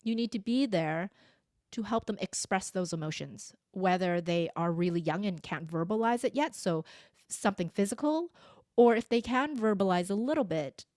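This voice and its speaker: A woman's voice: mid-range voice, normal speed, dry recording, studio quality. A woman in her forties, a voice coach and podcast guest, telling a story in conversation and acting out the lines she quotes. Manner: animated, acts out quoted lines.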